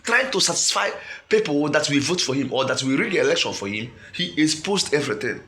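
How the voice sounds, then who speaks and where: Nigerian man, emphatic commentator, higher-pitched bright voice, faint noise. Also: very animated, fairly quick. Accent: Nigerian English. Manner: emphatic, asks himself "what?" before key words. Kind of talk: reading and commenting on a statement.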